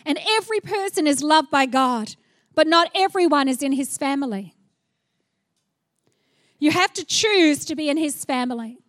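A middle-aged woman preaching a sermon, animated and playful, acting out little scenes as she goes. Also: high-pitched, normal speed, long pauses, no echo, studio quality.

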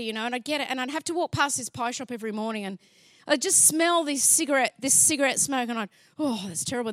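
A high-voiced woman tells her faith story with lots of life, acting out each line of dialogue and breaking into laughs. The sound is dry and close, with no room echo. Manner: lively, acts out dialogue, laughs often. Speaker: speaker sharing a faith testimony. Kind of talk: animated storytelling testimony.

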